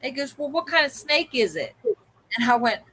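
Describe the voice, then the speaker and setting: Bright-voiced woman telling a lively story. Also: high-pitched, moderate pace, poor audio. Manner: animated storyteller, acts out quoted voices. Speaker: co-host. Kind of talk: casual storytelling chat.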